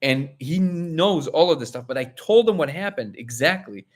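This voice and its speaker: A man hosting a live discussion, telling a personal story in an animated way and acting out quotes. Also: on the high side, moderate pace. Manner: animated, acts out quotes, many restarts. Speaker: host.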